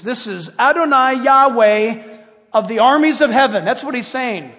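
Male pastor, very high pitch, emphatic sermon delivery in a reverberant sanctuary. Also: lively intonation, normal speed. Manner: emphatic preaching, swinging between loud and hushed. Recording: long hall reverb.

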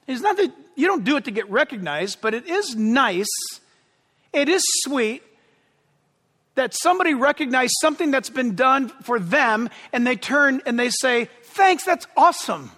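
Guy preaching all fired up, yelling w excitement, sharp bright tone, big hall echo. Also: very high voice, moderate pace. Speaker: pastor. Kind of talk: sermon.

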